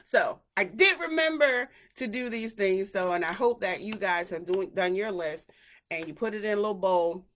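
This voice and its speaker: Chatty woman hosting her own podcast. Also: lowish voice. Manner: chatty, animated, acts out quoted voices. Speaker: podcast host. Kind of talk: casual solo podcast talk.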